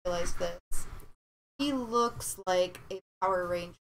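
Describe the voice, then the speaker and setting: A woman's voice: on the low side, unhurried, crowd noise, low-quality recording. A woman co-hosting a podcast, chatting casually in a playful, teasing way. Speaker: podcast co-host. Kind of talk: casual chat. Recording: clear background noise.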